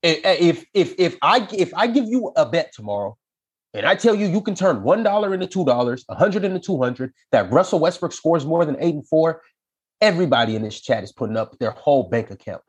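A man's voice: on the high side, sing-song, brisk, breathy edge. A man on a sports debate show making a firm, dismissive case. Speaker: basketball debate co-host.

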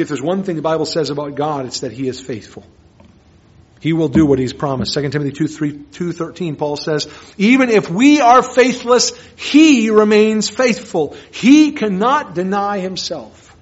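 A man preaching a sermon as pastor, earnest, moving between hushed and emphatic lines. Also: high voice. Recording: dull lo-fi sermon recording.

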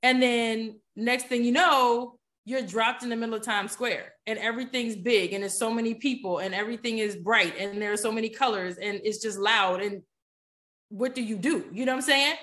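Woman podcast guest with a slightly high voice, chatty and animated storyteller. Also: normal speed. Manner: animated, chatty, keeps asking "you know what I'm saying?". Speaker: podcast guest, poker player. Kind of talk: casual storytelling in an interview.

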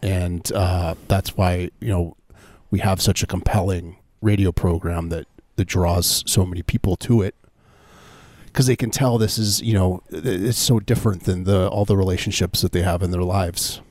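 Man, deep voice, mock-sincere comic co-host who rambles and restarts. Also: steady tone, a little mellow, no room sound. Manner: mock-earnest, rambling, halting. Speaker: podcast co-host. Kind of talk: casual comedic banter.

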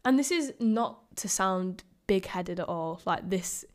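A woman, hosting a casual solo podcast in a chatty, upbeat, motivational way. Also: fairly low pitch. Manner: upbeat, chatty, motivational, quick bursts of excitement. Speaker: podcast host.

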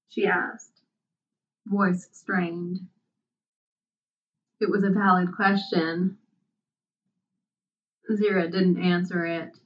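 Woman reading a story aloud, slow, measured, distant mic, dull lo-fi sound. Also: fairly low pitch, little pitch movement. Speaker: narrator.

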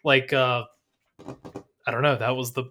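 A man's voice: mid-range voice, fairly even intonation, measured pace, pushed and bright. A man co-hosting a movie podcast, talking in casual review chat and rambling through many restarts. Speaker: podcast co-host.

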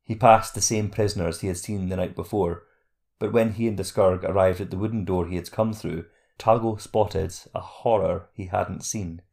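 A man reads a fantasy novel aloud as its narrator. His voice sits a touch low and has a rough, gravelly texture. The reading is steady and measured, with even pacing throughout.

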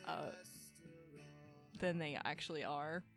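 A woman radio host from the American Midwest, chatting casually on air, rambling with lots of fillers and quick laughs. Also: deep voice, over music.

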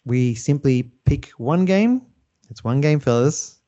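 A man's voice: mid-range voice, expressive, slow pace, mellow, highs cut off, a little hiss or hum. A man hosting a podcast game segment in casual chat, laid-back, with lots of fillers and chuckles.

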